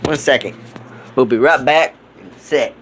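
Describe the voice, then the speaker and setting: A man playing a character in a game, talking in rowdy, excitable outbursts full of swearing. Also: medium pitch, unhurried, slight background noise. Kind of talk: profane in-character game role-play.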